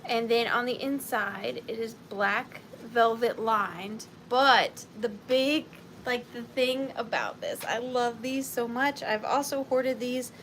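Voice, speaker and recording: A woman's voice: fairly high pitch, takes it slowly, few pauses, fairly bright tone, a little hiss or hum, poor audio. A woman with a Southern US accent hosting a live vintage and antiques sale from home, chatty and gushing, greeting viewers by name.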